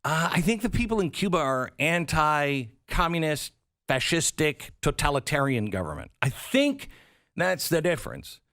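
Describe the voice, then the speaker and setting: A man's voice: on the high side, very animated, normal speed, fairly bright tone, no echo. A man hosting a political talk show, sarcastic and prone to acting out the voices he quotes, on a studio mic. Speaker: radio show host.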